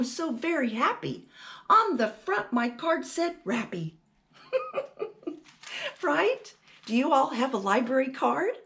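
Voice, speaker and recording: A woman hosting a children's storytime, reading a rhyming picture book aloud in an animated way and asking the kids questions. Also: a little high.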